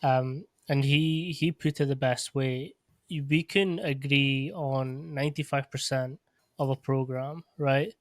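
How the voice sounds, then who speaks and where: A man who coaches athletes and hosts a podcast, talking in a measured, reflective way. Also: medium pitch, fairly even intonation, no echo, clean studio sound. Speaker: podcast host, strength coach. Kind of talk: casual podcast conversation.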